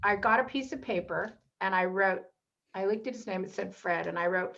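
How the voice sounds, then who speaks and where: A woman's voice: medium pitch, normal speed, gravelly. Woman guest telling stories, lo-fi sound. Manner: animated storyteller, acts out quoted voices. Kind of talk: casual interview storytelling.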